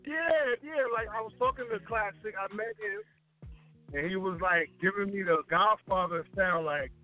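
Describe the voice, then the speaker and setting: A man telling a casual story in chat, animated and acting out the voices of the people he quotes. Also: sits high, normal speed. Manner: animated, acts out quoted lines. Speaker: guest DJ. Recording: tinny phone-line sound with faint music.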